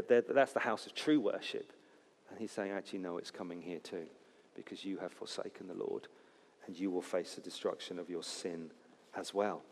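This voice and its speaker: A man preaching an expository sermon in a conversational way, with jokey asides, swinging between loud emphasis and hushed, low passages. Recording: long hall reverb.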